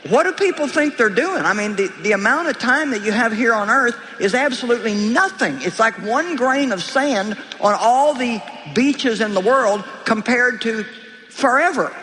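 A woman's voice: on the high side, fairly bright tone, slight background noise. A woman preacher delivering an emphatic, exhorting sermon, speaking straight to her congregation. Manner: emphatic, exhorting, direct address. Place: large hall with live congregation. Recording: live hall reverb with crowd.

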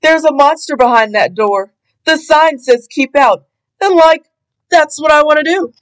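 A woman reading a storybook aloud, voicing a jittery, easily scared young man who yelps and says "like," a little higher than her narration. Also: measured pace. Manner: yelping, says "like".

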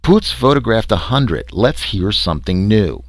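A man's voice: fairly low pitch, big pitch swings, measured pace, no echo, studio quality, heavily acted. A man voicing a curt, grumbling expedition captain. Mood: impatient. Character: gruff impatient male expedition captain.

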